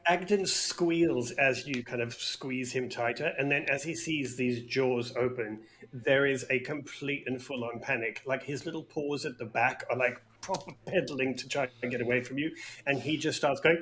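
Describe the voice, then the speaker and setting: A man's voice: medium pitch, measured pace, fairly bright tone. A man narrating a tabletop game as game master, casual and hesitant with many fillers.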